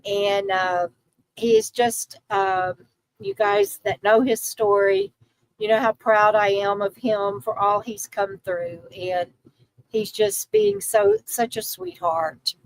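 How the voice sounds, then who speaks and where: A woman's voice: medium pitch, very animated, slow, vocal fry, no room sound, rough recording. A middle-aged woman, chatting casually and giggling as she reads viewer comments on a livestream. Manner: chatty, giggly, talks to her dog in a soft baby voice. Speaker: vlogger hosting a livestream. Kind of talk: casual live chat reading viewer comments.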